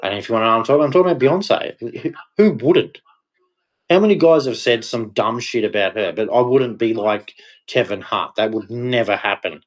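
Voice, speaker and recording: A man's voice: lowish voice, poor audio. A man ranting heatedly in a casual vlog monologue, blunt and repetitive, swearing now and then. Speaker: vlogger.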